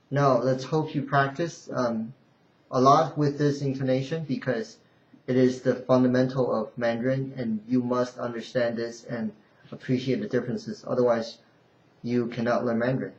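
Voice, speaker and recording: A man teaching a language lesson unscripted, halting and restarting with fillers, then singing out tone examples. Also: mid-range voice. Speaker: Mandarin teacher. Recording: roomy, dull lo-fi home recording.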